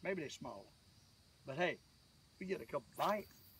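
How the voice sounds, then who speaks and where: An older Southern US man with a high voice talks in a folksy, rambling way to his viewers while fishing from a boat. He sits a little away from the mic, and faint outdoor ambience hangs behind him. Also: expressive, moderate pace, a bit bright, distant mic, slight background noise. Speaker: fishing vlogger. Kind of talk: casual fishing vlog talk.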